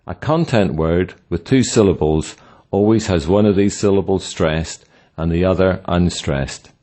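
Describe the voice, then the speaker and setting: Deep slow-spoken male lesson narrator. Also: warm tone. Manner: slow, deliberate, instructional. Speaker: language teacher. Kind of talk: scripted narration.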